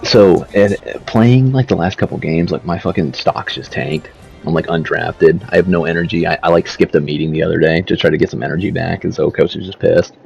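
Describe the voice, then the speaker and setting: Brisk and gravelly, with a slightly mellow quality, this low voice comes from a gaming creator seated at home. He rambles through his gameplay commentary in relaxed slang, cursing freely, on a slightly dull lo-fi mic.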